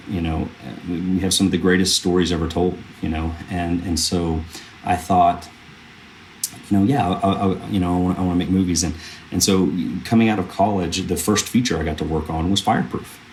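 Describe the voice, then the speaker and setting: There's a little hiss or hum behind this low-pitched male voice. He's a film producer in his thirties, guesting on a podcast and telling earnest stories in a relaxed interview, with plenty of fillers and restarts.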